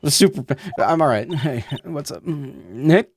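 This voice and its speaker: A woman's voice: low voice, animated, moderate pace, a little mellow, breathy edge. A woman streamer chatting casually and dramatically while gaming, cursing freely and laughing at herself. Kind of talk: casual live-stream chat.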